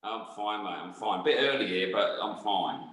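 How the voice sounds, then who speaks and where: A man's voice: lowish voice, normal speed, a bit bright. A middle-aged English man from England, a barber and educator, talking easily as a guest over a video call. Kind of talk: casual chat. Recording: very echoey remote call.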